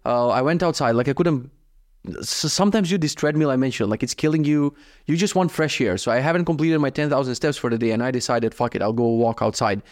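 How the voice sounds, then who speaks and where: A man's voice: mid-range voice, fast. A young man from Croatia hosting a podcast, telling stories casually with lots of swearing and acted-out dialogue. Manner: profane, animated, acts out his own dialogue. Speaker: podcast host. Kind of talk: casual storytelling monologue.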